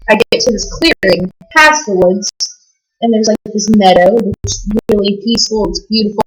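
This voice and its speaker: A woman's voice: mid-range voice, rough recording. A woman from Las Vegas with a stuffy nose from being sick, telling a rambling, profane story in a casual vlog, full of fillers. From Las Vegas, USA. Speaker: vlogger.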